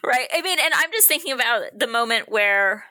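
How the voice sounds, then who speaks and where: A woman co-hosting a book podcast, chatting excitedly and reading a romance passage aloud. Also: fairly high pitch, a little fast, no room sound. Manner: excitable, laughs easily. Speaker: podcast co-host.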